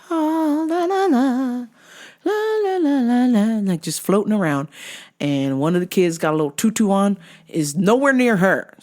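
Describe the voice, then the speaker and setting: A young adult woman hosting a podcast, telling a story casually, swearing and acting out other people's voices. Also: deep voice. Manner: animated, profane, acts out other people's voices. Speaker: podcast host.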